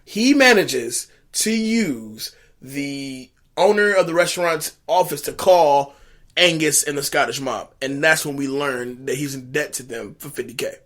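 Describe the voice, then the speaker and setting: A man retells a comedy film in loose chat, talking with animation and tripping over fillers and restarts. His voice sits somewhat high for a man. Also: expressive, unhurried, fairly bright tone. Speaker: co-host. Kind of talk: casual movie recap chat.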